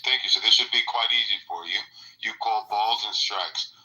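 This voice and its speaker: A man's voice: on the low side, bright, forceful tone, rough recording. A man hosting a live political talk stage, calling on speakers one by one and asking them questions. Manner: brisk, calls on speakers one by one. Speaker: host of a live audio stage.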